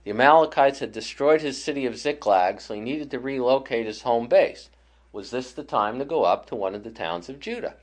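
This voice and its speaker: Bible study teacher thinking aloud. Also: male voice, mid-range voice, animated. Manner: thoughtful, with frequent restarts and pauses. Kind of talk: leading a Bible study class.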